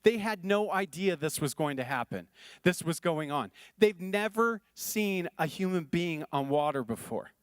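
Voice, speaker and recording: A male pastor delivers a sermon in an earnest, chatty manner and repeats his phrases for emphasis. His voice sits fairly high for a man. The recording is dry and close, with no room echo. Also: lively intonation, unhurried, clean tone.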